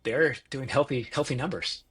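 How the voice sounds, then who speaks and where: A man's voice: medium pitch, normal speed, fairly bright tone, slightly rough. A man co-hosting a podcast, thinking aloud in a casual, hesitant way with frequent ums. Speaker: podcast co-host and business partner. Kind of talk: casual business chat.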